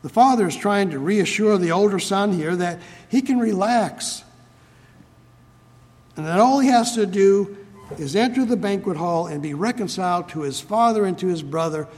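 Earnest preacher in a reverberant hall. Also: male voice, high voice, a little mellow. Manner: earnest, emphatic, slows on key phrases. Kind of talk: expository sermon reading scripture.

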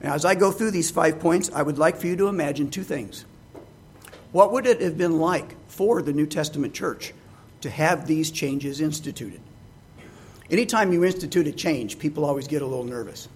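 A man's voice: fairly high pitch, normal speed, a little hiss or hum. A man preaching a sermon, reading scripture aloud and asking his listeners rhetorical questions.

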